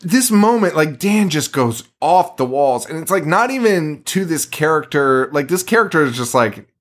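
A man's voice: fairly high pitch, lively intonation, moderate pace. A man co-hosting a podcast in a basement, retelling a movie in casual chat, laughing often and swearing freely. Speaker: podcast co-host.

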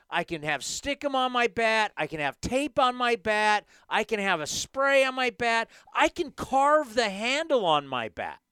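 A man's voice: very high-pitched, sharp tone, clean tone, dry recording. A man hosting a sports talk show, ranting emphatically with rhetorical questions.

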